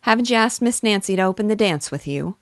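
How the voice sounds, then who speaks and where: A woman's voice: medium pitch, expressive, fast, no room sound, clean studio sound, voice pushed up, natural voice. A woman reading as a joking, teasing older uncle. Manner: teasing, bantering. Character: jovial chatty older male uncle.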